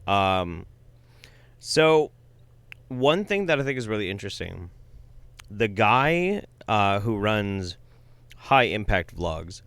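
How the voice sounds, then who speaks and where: Male commentary host, swears a lot, exasperated, very animated, bright and dry close mic. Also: lowish voice, takes it slowly, long pauses, clean tone, no echo. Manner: profane, exasperated. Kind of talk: reaction commentary on a video.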